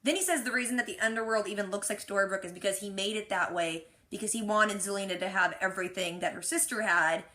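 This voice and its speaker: A woman's voice: medium pitch, fast, hardly any pauses, pushed and bright. A woman recapping a TV episode in a casual, chatty, frank and opinionated way, full of casual slang. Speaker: reaction vlogger.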